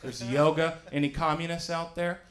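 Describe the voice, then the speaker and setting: A man in his thirties doing a stand-up set on a small stage, self-mocking and often yelling his punchlines. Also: on the high side, normal speed. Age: 30s. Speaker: stand-up comic and emcee. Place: small studio stage with live audience.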